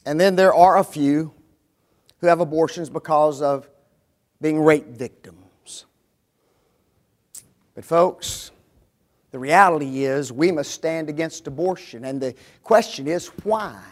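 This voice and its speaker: A man's voice: on the high side, takes it slowly, long pauses. A man preaching a sermon, driving his points home with emphatic rhetorical questions.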